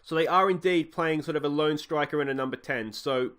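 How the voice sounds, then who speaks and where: Australian man, let's play commentator, slightly high voice, relaxed and chatty. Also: a little fast, clear, resonant tone. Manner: chatty, easygoing, lots of ums and uhs. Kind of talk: video game commentary.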